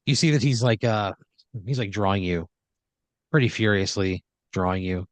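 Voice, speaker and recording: Low-voiced man narrating a rambling improv scene. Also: moderate pace, no room sound. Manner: rambling, lots of "like" and "you know". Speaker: host running the improv story. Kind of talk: improvised second-person storytelling.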